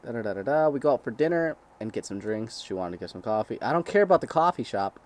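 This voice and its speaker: A man's voice: mid-range voice, lively intonation, fast. A young man with a crude, sarcastic manner, reading blog posts aloud and breaking off to comment and laugh.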